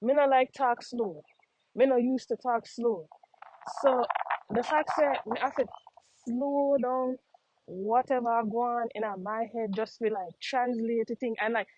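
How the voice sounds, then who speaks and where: Outdoors on a walk, a young American woman vlogger chats casually to her viewers in a Jamaican patois accent, often repeating phrases. Her voice is fairly high and her pace normal, with background noise on slightly dull lo-fi audio.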